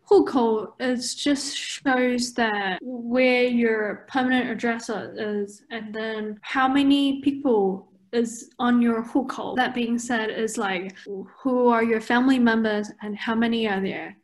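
Woman, fairly high voice, casual chat, laughs a lot, filler words. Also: fairly even intonation, slow pace, few pauses. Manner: chatty, laughs often, many "like" fillers.

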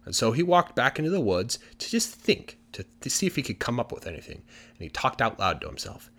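A male storyteller reading a fairy tale aloud in an easygoing, conversational manner. He drops in casual fillers and rephrases as he goes. His pitch is lively and moves around a lot, in a middle register. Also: brisk. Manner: casual, with fillers like "you know" and "like". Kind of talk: casual storytelling for English listening practice.

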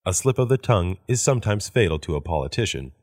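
A very low-voiced man reads English practice sentences aloud one at a time, repeating each after a woman. He's measured, with a wide, expressive pitch range, in a close, dry recording.

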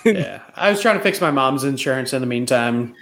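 A man's voice: mid-range voice, lively intonation, fairly quick, a bit bright. A man co-hosting a podcast, chatting casually and patiently explaining himself to his friends. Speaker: podcast co-host. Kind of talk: casual chat.

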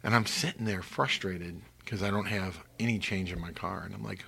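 An older man from Missouri, a guest telling faith testimony stories earnestly, sometimes dropping to a hushed whisper. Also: lowish voice, steady tone, moderate pace, vocal fry, hardly any pauses, breathy edge.

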